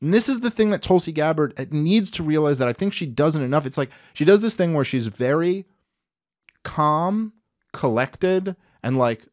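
Animated, profane man riffing on politics. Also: a little high, normal speed, no room sound, clean studio sound. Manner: animated, profane, acts out quotes. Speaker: podcast host. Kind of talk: casual political commentary.

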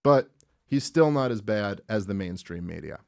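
A man hosting a talk show, casually retelling a story and commenting, swearing often and slipping into quick voices for the characters. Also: on the low side, vocal fry, no echo, clean studio sound. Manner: profane, animated, acts out characters in quick voices. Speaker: podcast host. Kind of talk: irreverent comedic retelling and commentary.

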